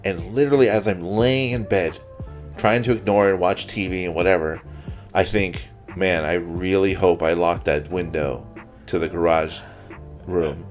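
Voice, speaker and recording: A man's voice: sits low, fairly even intonation, moderate pace, faint music behind. A man in a casual podcast chat, telling a long profane story, repeating his words as he goes. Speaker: podcast co-host.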